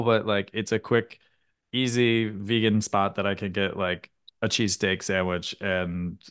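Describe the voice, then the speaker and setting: A man's voice: fairly low pitch, little pitch movement, unhurried, fairly bright tone, clear, resonant tone. A man hosting a podcast in casual chat, telling stories with acted-out quotes and casual swearing. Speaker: podcast host.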